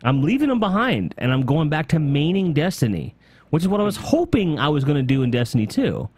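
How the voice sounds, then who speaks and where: A man hosting a casual gaming podcast, talking excitedly in long rambling runs with casual swearing. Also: a little high, brisk, a little hiss or hum. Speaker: podcast host.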